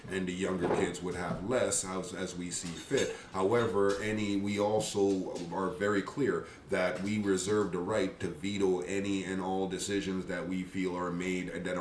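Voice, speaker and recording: A man, a father of a big family, talking earnestly about parenting, often restarting his sentences. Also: sits low. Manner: earnest, halting with many restarts. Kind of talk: casual talk show conversation. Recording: roomy and distant with faint noise.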